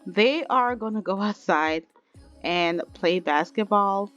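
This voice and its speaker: A woman's voice: medium pitch, slow pace, fairly bright tone, highs cut off, soft background music. A young woman hosting a let's-play, narrating a life-sim story in a chatty, dramatic way and talking to her viewers. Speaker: gaming channel host.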